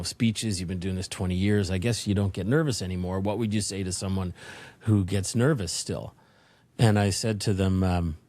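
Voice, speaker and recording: A man guest on a business podcast, telling a personal story in an animated way and acting out the voices in his head. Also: on the low side, no room sound. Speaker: podcast guest, leadership consultant. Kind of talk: interview storytelling.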